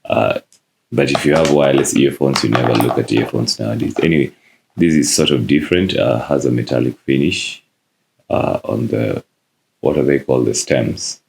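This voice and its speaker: A man narrating a phone unboxing in a casual, relaxed way, with frequent "uh" fillers. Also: very deep voice, moderate pace, gravelly, slight background noise. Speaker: tech reviewer.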